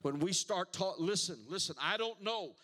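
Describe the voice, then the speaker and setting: A man's voice: high voice, moderate pace, pushed and bright. A man preaching a sermon as pastor, emphatic, repeating words and calling the congregation to answer back.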